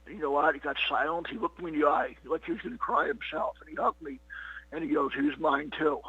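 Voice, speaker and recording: A man's voice: fairly high pitch, steady tone, quick pace, sharp tone, husky, no echo. A middle-aged man, a comedian being interviewed, telling stories in a rambling casual way, full of "you know what" and "he goes". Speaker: comedian guest. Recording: dull lo-fi dry recording.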